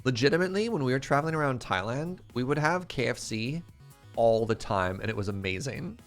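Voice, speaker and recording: A man's voice: mid-range voice, lively intonation, fairly quick, soft background music. A man chatting casually on a live stream while gaming, answering chat questions, telling stories and laughing often. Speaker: streamer playing a modded block-building game.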